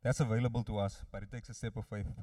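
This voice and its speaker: Low, mellow-voiced male preacher. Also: fairly even intonation, quick pace, dry recording, clean studio sound, far from the mic. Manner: earnest, direct address to listeners. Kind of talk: sermon.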